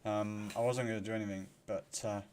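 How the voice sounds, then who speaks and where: A man hosting a casual live stream, chatty and quick to laugh, greeting viewers by name. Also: on the low side, fairly even intonation, darkish tone, a little hiss or hum. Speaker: livestream host.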